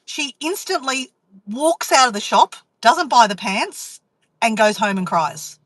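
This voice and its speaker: A woman vlogger, telling a story to her live chat in a chatty, animated way and acting out inner voices. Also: fairly high pitch, measured pace, no room sound, rough recording.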